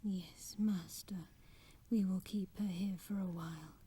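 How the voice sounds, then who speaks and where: A woman voicing a cold, quiet maid. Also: mid-range voice, a little hiss or hum, close to an everyday voice. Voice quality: quiet, flat, slow. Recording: game audio under commentary, from far off.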